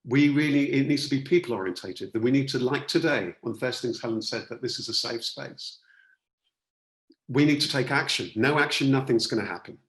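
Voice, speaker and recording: A man's voice: medium pitch, a little fast, fairly bright tone, roomy sound. Earnest man leading an online workshop. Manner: earnest, repeats key words for emphasis. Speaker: coach and speaker leading a masterclass.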